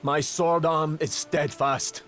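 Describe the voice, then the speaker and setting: A man's voice: fairly high pitch, steady tone, slow, fairly bright tone, faint music behind, pitched above the performer's own voice. A man voicing a shy, earnest young male knight who stammers nervously.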